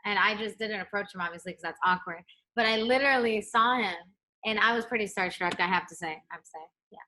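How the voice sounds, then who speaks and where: A young adult woman, a pop singer, chatting in a remote interview from home, animated and laughing as she acts out the people in her stories. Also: mid-range voice, a little fast. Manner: animated storyteller, acts out quotes, laughs often. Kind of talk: casual interview chat. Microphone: home setup, remote interview.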